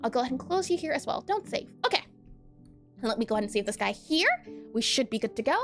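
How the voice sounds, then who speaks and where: A woman's voice: fairly high pitch, lively intonation, quick pace. A woman streaming her pixel art work, chatting casually, talking to herself as she clicks and reading out chat, with faint music behind.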